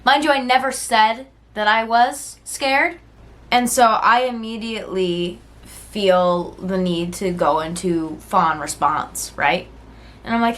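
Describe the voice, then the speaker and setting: A woman's voice: mid-range voice, measured pace, fairly bright tone. A woman in her twenties telling a personal story to camera in a casual, rambling way, full of "like" and "right?" tags. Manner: rambling, heavy use of "like" and "right?"; earnest, candid.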